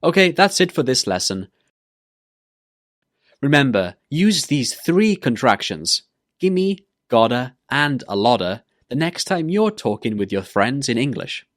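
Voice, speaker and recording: A man leads a scripted pronunciation lesson, repeating each word deliberately so learners can copy it. His delivery is unhurried, and his pitch moves in a lively way. The recording is dry, with no room sound. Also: no room sound. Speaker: English pronunciation teacher.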